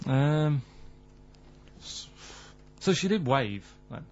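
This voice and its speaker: Deadpan Mancunian man on radio. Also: medium pitch, drawn-out words. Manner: deadpan, literal-minded questions. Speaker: radio show regular. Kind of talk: radio banter. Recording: dull lo-fi radio recording with faint hum.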